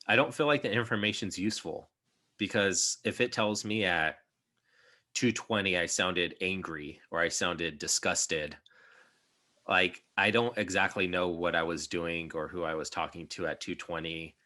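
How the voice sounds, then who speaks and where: A young man talks casually as a podcast host, rambling through his thoughts with plenty of fillers. His voice sits low but has a bright, forward edge. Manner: rambling, many fillers and restarts. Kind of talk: casual chat.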